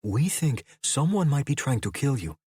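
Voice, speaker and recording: A man doing a determined young woman, lifting his voice slightly to play her. She talks in a direct, earnest way, without softening her words. The sound is husky and dry. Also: medium pitch, sing-song, moderate pace, dry recording, voice pushed up. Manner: blunt, earnest.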